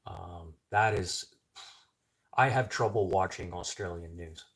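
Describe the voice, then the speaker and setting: A man's voice: low-pitched, slow pace. Blunt, swearing Canadian man ranting. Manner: blunt, swearing, rising to outbursts. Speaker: vlogger. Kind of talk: casual ranting monologue.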